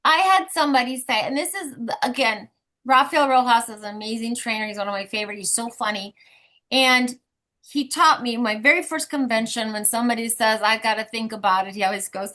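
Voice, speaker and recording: A woman with a slightly high voice leads a sales team call, pushing them with blunt, animated emphasis. She talks in a direct, coaching way. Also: a little fast.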